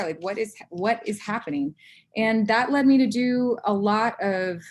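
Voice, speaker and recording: A woman in her thirties giving a candid personal talk to an audience, acting out her own inner voice in lively bursts. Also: on the high side, measured pace. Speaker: conference speaker.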